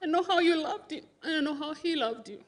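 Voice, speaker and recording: A woman's voice: high-pitched, animated, fairly quick. A woman giving a funeral eulogy for a family member, speaking in a heartfelt, conversational way with many restarts.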